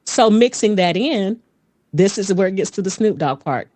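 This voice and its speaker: A woman guest who is a vocal coach and voice actor, telling stories in a lively casual way, often laughing and dropping into voices. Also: mid-range voice, moderate pace, dry recording. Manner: animated, laughs often, slips into character voices. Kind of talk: casual podcast storytelling.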